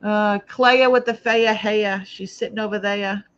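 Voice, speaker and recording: A woman's voice: mid-range voice, fairly even intonation, unhurried, lo-fi sound. A woman with an old Boston accent hosting a live jewelry sale, chatting casually and thinking aloud as she looks over each piece. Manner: chatty, thinking aloud while handling items. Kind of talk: casual live-stream chat.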